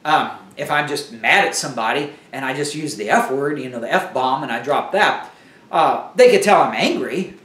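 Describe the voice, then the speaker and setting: A man's voice: medium pitch, moderate pace, a bit bright, echoey room, recorded from a distance. A man teaching a Bible lesson in a conversational sermon style, often restarting his sentences.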